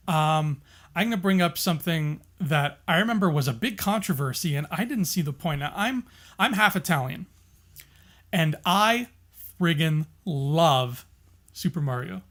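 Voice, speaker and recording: High-pitched guy on a podcast, super animated, laughs a lot, lots of restarts. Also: unhurried. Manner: passionate, emphatic. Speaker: podcast co-host. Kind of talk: casual podcast debate.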